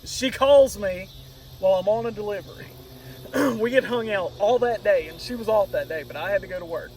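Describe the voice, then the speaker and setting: A man on a podcast telling casual, profane, animated stories. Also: high-pitched, brisk, far from the mic, a little hiss or hum, low-quality recording. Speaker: podcast co-host. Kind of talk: casual storytelling chat.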